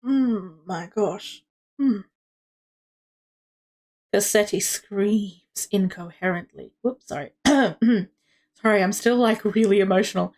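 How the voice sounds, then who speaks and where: A woman doing casual, excitable commentary while reading through a game. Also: mid-range voice, takes it slowly, long pauses. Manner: excitable, expressive, swearing. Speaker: let's play streamer.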